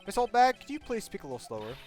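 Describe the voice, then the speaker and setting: A man's voice: high-pitched, sing-song, very fast, darkish tone, faint music behind, pitched above the performer's own voice. A man reading an earnest young defense lawyer. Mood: patient. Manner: polite, patient, questioning.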